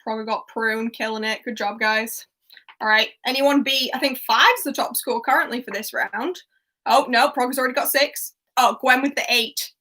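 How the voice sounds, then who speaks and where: A woman hosts a livestream quiz in a chatty, giggly way, reacting to answers as they come in. Her voice sits high and sounds bright and clear through a desktop mic. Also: normal speed. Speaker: quiz host. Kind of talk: casual livestream chat.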